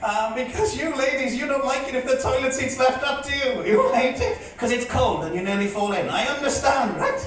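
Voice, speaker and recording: A man's voice: very high-pitched, a little fast, hardly any pauses. A man from West Wales doing a wry, self-deprecating stand-up comedy set in a hotel function room. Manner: wry, self-deprecating, loud stage delivery. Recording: echoey room heard from far off, faint noise.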